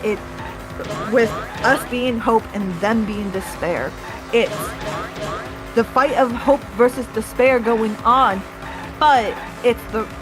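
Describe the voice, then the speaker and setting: A woman co-hosting a casual drinking chat, ranting emphatically and swearing freely, slightly tipsy. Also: a little high. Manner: emphatic, profane, rants with mocking put-on quotes. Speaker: podcast co-host. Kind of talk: casual chat about a video game.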